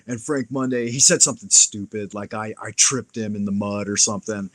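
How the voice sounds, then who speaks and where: A man's voice: on the low side, brisk, hardly any pauses, no echo. A man hosting a live stream, casually telling a profane fight story and acting out the lines of the people in it. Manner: profane, animated anecdote-telling with acted-out quotes.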